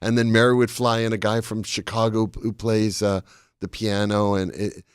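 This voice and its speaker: A man's voice: fairly low pitch, little pitch movement, moderate pace, smooth, dry recording, studio quality. Older Boston man telling stories. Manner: anecdotal, meandering, with comic timing. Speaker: guest comedian and author. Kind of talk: casual chat, storytelling.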